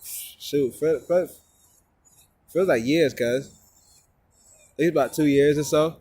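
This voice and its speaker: A man's voice: a little high, lively intonation, slow pace, pauses often, darkish tone, no echo. A man talking casually to his phone camera outdoors, rambling and profane, often repeating himself. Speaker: vlogger.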